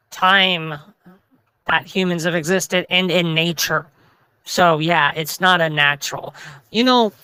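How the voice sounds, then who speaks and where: A woman's voice: lowish voice, sharp tone, clear, resonant tone, no echo, poor audio. A woman hosting a casual meme reaction video, chatty and opinionated, reading the memes aloud.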